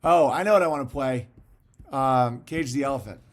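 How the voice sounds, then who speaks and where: A man's voice: mid-range voice, moderate pace. Rambling man chatting on a livestream. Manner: rambling, reads viewer comments aloud; blunt and profane. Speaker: livestream host. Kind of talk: casual livestream chat.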